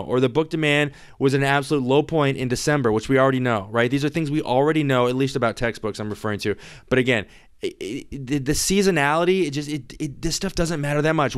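A man's voice: medium pitch, fast talker, clean tone. A man hosting an informal screen-share explainer, talking emphatically and reassuringly, often repeating and restarting his words. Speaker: software company host.

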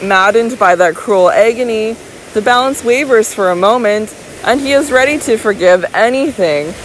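A woman reads a classic novel aloud in a somewhat high voice. Her narration is dramatic and impassioned, with faint hum behind her. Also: rough recording. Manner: dramatic, impassioned literary reading. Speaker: audiobook narrator. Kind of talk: scripted narration.

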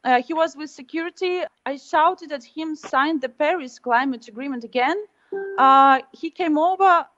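A woman with a Russian first language voicing a fragile, tearful teenage girl activist in halting, broken English over a phone call. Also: high voice, fairly bright tone. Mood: upset. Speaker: prank caller.

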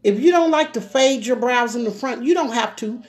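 Chatty woman with a slightly high voice. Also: expressive, normal speed. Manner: chatty and folksy, keeps calling out to viewers. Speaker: beauty livestreamer. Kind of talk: casual live makeup chat with viewers.

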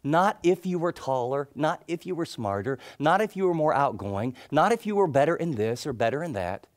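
A middle-aged male pastor preaching a sermon, telling stories and acting out the people in them, then dropping into soft, intense tones. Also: on the high side, expressive, moderate pace. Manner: storytelling, acts out quoted people, drops to soft intense tones.

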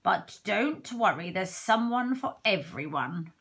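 A woman reading aloud, voicing a wise, kindly owl who speaks slowly and reassuringly. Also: mid-range voice, expressive, a bit bright. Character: wise, kindly owl giving gentle advice.

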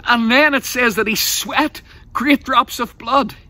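A man preaches with a bright, forceful voice that cuts through. He tells the story with passion and paints vivid scenes for his listeners. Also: very high-pitched, takes it slowly. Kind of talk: evangelistic sermon.

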